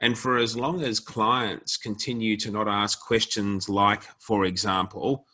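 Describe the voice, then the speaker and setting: An Australian man, a law firm director, explaining his views in a measured, deliberate way during a podcast interview. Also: fairly low pitch, steady tone, bright, forceful tone.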